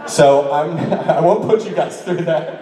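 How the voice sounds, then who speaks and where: A man's voice: a little high, a little slow, mellow, recorded from a distance. A man from New York answering fan questions on a convention panel, chatty and self-deprecating, laughing often. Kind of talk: casual convention Q&A. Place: large convention hall with audience. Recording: echoey convention hall through a PA, heard from afar.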